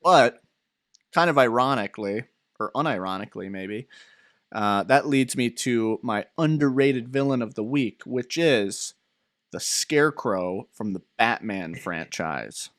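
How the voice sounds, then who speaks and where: A young man in his twenties co-hosting a podcast, telling rambling, animated stories with fillers and laughs. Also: medium pitch, unhurried, no echo, studio quality. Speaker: podcast co-host. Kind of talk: casual chat.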